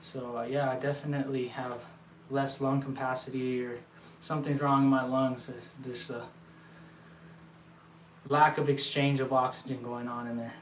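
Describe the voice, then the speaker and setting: A young man from El Paso, short of breath, talking earnestly to his viewers with halting restarts. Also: mid-range voice, level tone, slight background noise. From El Paso, Texas. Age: young adult. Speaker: vlogger. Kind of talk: casual talk to viewers. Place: indoor building site. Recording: echoey room, mic at a distance.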